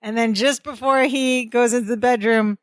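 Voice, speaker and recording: A woman's voice: on the high side, normal speed, no room sound. A woman co-hosting a podcast, casually recapping a sitcom episode and chiming in with short agreements. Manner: relaxed, laughs along, chimes in with short agreements. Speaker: podcast co-host.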